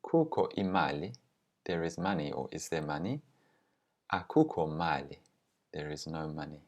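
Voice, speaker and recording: A man teaching language grammar, explaining with example phrases and pronouncing them slowly and carefully. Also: rumbling low, very animated, darkish tone.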